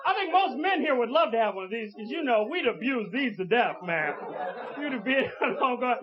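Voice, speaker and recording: A man doing a stand-up comedy routine on stage, animated and full of asides. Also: very high voice, normal speed, a crowd in the background, noisy background. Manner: animated, jumps into character voices. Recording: dull old tape, loud laughing audience.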